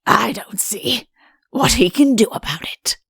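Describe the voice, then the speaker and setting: A woman reading an audiobook, voicing a mischievous male king who talks in a hushed, conspiratorial way. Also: a little high, unhurried, vocal fry, slightly rough, no room sound, studio quality, heavily acted. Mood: gleeful. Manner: hushed, conspiratorial, pleased with himself. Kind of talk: audiobook character voice.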